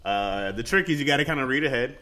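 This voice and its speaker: Man, podcast co-host, casual chat, joking and teasing, lively pitch. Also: fast. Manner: joking, teasing, animated storytelling.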